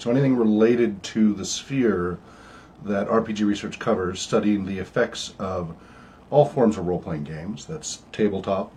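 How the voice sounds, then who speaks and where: An older man with a very deep voice hosts an online meeting in a casual, halting way, full of ums and uhs. His breathing is wheezy and he coughs now and then. A faint hum of the room sits behind him. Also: darkish tone. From United States. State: wheezy, coughing from asthma and smoke. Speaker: research project director hosting an online meeting. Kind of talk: casual informative talk.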